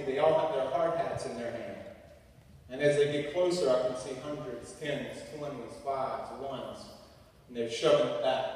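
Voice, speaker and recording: A man's voice: mid-range voice, distant mic. Middle-aged man telling stories in an echoey hall. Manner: animated, humorous, acts out quotes. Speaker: guest speaker. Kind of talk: storytelling speech to students.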